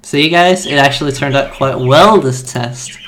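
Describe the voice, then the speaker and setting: A man's voice: medium pitch, moderate pace. A man casually chatting on a livestream while he animates, talking half to himself. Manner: relaxed, mumbling to himself while working. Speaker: animator and stream host. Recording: noisy home stream with keyboard clicks.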